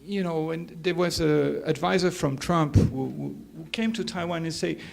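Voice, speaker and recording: A man's voice: on the high side, fairly even intonation, normal speed, vocal fry, darkish tone, a little hiss or hum. A man speaking as a sociologist in an academic workshop discussion, hesitant with many fillers and turning emphatic.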